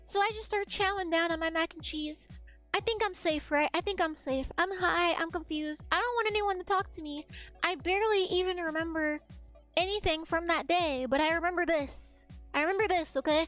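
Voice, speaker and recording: A woman's voice: very high-pitched, fairly quick, soft background music. A woman streamer telling a long, rambling anecdote in casual chat, swearing freely and acting out what others said. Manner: rambling, animated anecdote with swearing and acted-out quotes.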